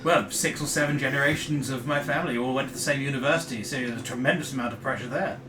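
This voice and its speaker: A man's voice: mid-range voice, steady tone, quick pace, music in the background. A man playing a tabletop game, bantering in character in a grandiose, theatrical manner. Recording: echoey room with background noise.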